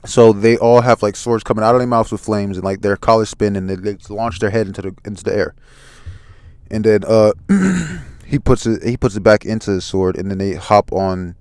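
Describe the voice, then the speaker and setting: A man casually recapping a manga chapter, relaxed with many fillers. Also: on the low side, clear, resonant tone, no room sound. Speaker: manga reviewer.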